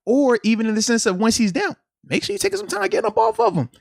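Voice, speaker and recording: A man in his thirties, a podcast host, talking sports in an animated casual way and breaking into loud imitations. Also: very high voice, fast talker, gravelly, no room sound, clean studio sound.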